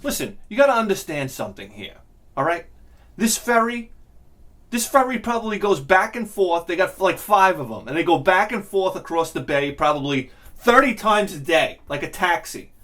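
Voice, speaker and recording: Middle-aged guy, profane comedic rant, higher voice, pitch leaping all over. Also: normal speed. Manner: profane, exasperated, animated ranting. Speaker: vlog host. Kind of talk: ranting comedic storytelling.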